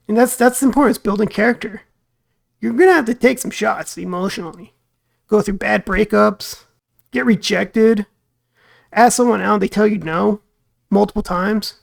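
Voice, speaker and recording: Creaky-voiced man musing casually. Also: sits high, moderate pace. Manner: rambling and musing, with many fillers and acted-out quotes. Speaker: reaction video host. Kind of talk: casual reaction commentary.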